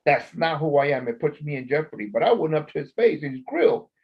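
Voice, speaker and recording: A man's voice: on the high side, fast talker. Blunt, profane man on a lo-fi line. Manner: blunt, profane, swings loud when quoting. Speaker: former corrections officer, co-host. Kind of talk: casual podcast storytelling.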